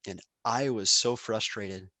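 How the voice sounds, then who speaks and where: A man's voice: on the low side, measured pace, no echo. A man in his thirties, a game producer guest, telling work stories in a casual interview and acting out quoted dialogue. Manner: animated, acts out quoted dialogue.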